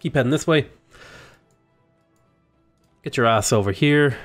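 A man's voice: medium pitch, unhurried, faint music behind. Chatty Australian man narrating his game. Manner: chatty, rambling, talks to units. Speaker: gaming YouTuber. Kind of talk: casual let's-play commentary.

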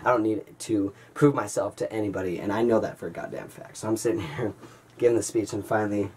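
A man's voice: on the low side, fast talker, a little hiss or hum. A young man in his late teens telling a story from his school days in a casual vlog, rambling and swearing. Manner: rambling, swearing, excited retelling. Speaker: vlogger.

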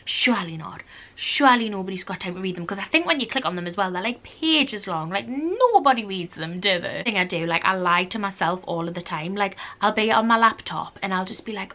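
A bright, clear-toned young woman with a Geordie accent talks straight to camera from home. She's in her twenties and chats casually in an animated way, swearing freely and putting on little voices for quoted exchanges. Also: mid-range voice, a little fast. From North East England. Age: 20s. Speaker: YouTuber. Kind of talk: casual chatty vlog. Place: indoors at home. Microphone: camera mic.

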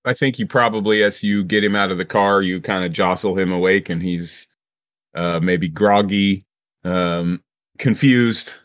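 A man's voice: sits low, fairly even intonation, unhurried, no echo, clean studio sound. A man running a tabletop game as game master, setting scenes and asking his player questions.

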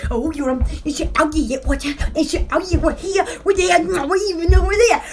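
Squealing, excitable high-voiced woman. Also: moderate pace. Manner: excitable, squealing and giggly, with frequent exclamations. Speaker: online shop host. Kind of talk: casual live-stream chat and product selling.

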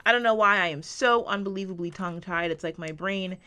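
Bright-voiced woman rambling over gameplay. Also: on the low side, fairly quick. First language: English. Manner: rambling, self-deprecating, swears often, swings between quiet and loud. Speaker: gaming YouTuber. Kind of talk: casual gameplay commentary. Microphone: close desk mic.

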